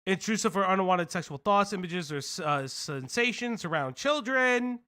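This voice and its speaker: A man co-hosting a reaction stream, talking in a loose, animated way, often laughing and swearing. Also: high voice, normal speed, smooth. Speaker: stream co-host reacting to a video. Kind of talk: casual reaction stream chat.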